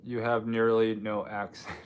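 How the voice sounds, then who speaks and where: A man's voice: fairly low pitch, a little hiss or hum. A man from Washington State hosting a casual live stream, rambling and joking while answering viewer comments. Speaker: livestream host.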